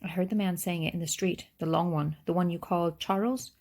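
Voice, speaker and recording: A woman's voice: on the low side, fairly even intonation, fairly quick, a little mellow. A woman voicing a wary, cold boy who speaks curtly and matter-of-factly. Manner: curt, matter-of-fact.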